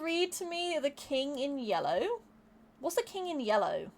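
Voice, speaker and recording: Woman, live streamer, casual chat, high voice, swoops around a lot, giggly, swears, repeats herself. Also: very animated, measured pace, a little hiss or hum. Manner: chatty, laughs often, swears casually, repeats words when thinking.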